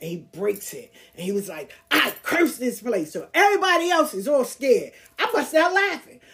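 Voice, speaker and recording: A woman's voice: high voice, huge pitch swings, brisk, fairly bright tone. A woman hosting a podcast, telling stories casually in a blunt, profane, streetwise way and laughing as she goes. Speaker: podcast host. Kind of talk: casual storytelling.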